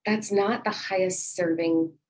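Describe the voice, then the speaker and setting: A woman's voice: on the low side, steady tone, unhurried, a little mellow, rough recording. A middle-aged woman co-hosting a casual talk from her home office, speaking in a rambling, affectionate way. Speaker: podcast co-host. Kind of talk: casual conversation about parenting.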